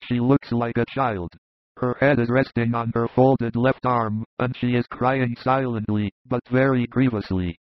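A man narrating a devotional vision as an audiobook, in an even, solemn, unhurried manner. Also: medium pitch, no echo. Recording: dull dry close recording.

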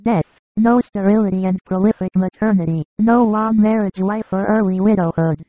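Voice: medium pitch, normal speed, no echo, phone-quality sound, natural voice. A reader voicing a devout young disciple. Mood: reverent. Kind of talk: audiobook dramatized reading.

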